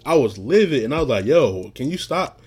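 A man hosting a podcast, telling stories in a casual, rambling monologue, often laughing and getting loud and animated when retelling something that angered him. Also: mid-range voice, fairly quick, husky, faint music behind. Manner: rambling, laughs often, frequent "you know what I'm saying".

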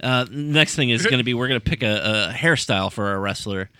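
Teasing man with a bright, dry voice. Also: medium pitch, a little fast, clean tone, dry recording. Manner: teasing, reads out options in a steady list. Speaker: podcast co-host running a dice game. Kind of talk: casual chat.

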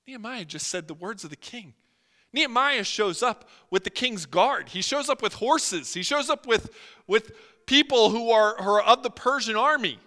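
Male pastor, sermon delivery, lively storyteller, crisp high voice, long hall reverb. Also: moderate pace. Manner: animated storytelling with acted-out quotes.

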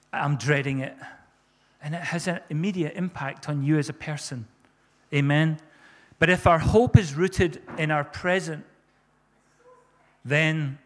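A man's voice: a little high, long reverb tail. A man preaching a sermon as pastor, fervent and repeating his phrases for emphasis.

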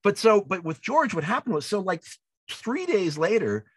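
A man, a film director being interviewed, telling lively anecdotes and acting out the people he quotes. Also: high voice, normal speed, breathy edge, no echo. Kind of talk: animated storytelling in an interview.

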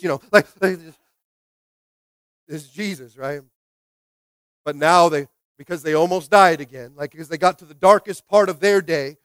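A man preaching a sermon as pastor, repeating short phrases and calling for responses, swinging from quiet reading to loud exhortation. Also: on the high side, clear, resonant tone, no echo. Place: church sanctuary.

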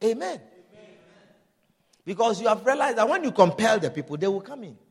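A man preaching with a very high voice that leaps up and down as he drives each point home. He calls out amen and hallelujah between his lines, and his words ring with the long echo of a big hall. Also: big pitch swings, a little fast. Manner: emphatic preaching with call-and-response amens. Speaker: pastor. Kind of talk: sermon.

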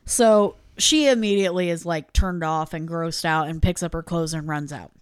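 A woman's voice: fairly low pitch, moderate pace, smooth, no echo, studio quality. A woman co-hosting a podcast, recapping a film in casual chat and acting out the characters' lines as she tells it. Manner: animated storytelling, acting out quoted lines. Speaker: podcast co-host.

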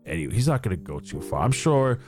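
A man voicing a gruff but kindly male dwarf who talks low and soothing, calling people "laddie". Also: big pitch swings, fast, over music.

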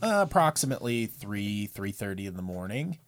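A man telling stories in a relaxed casual chat, with plenty of fillers. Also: lowish voice, a little fast. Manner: laid-back storytelling with fillers. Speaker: window cleaner.

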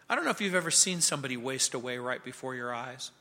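A pastor teaching verse by verse through a Bible book, earnest, sometimes dropping his voice to a hush. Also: mid-range voice, expressive, fast, few pauses. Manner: earnest, drops to a hushed voice at times. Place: church sanctuary. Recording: church hall reverb.

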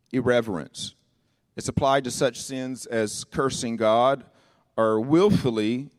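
A male pastor preaching with impassioned, sing-song delivery, swinging between shouted lines and quiet personal asides. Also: medium pitch, no room sound, studio quality. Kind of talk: sermon. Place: church.

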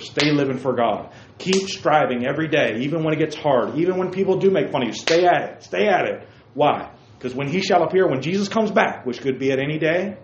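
A man preaching a sermon to a room of young men, emphatic, repeating key phrases and calling listeners by name. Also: mid-range voice. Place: church room with a group. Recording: roomy, dull lo-fi recording with faint noise.

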